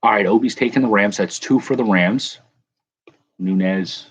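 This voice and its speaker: A man's voice: fairly low pitch, normal speed, slight background noise. A man hosting a casual live chat, rambling and correcting himself as he answers viewers. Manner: rambling, self-correcting, chuckling. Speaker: livestream host.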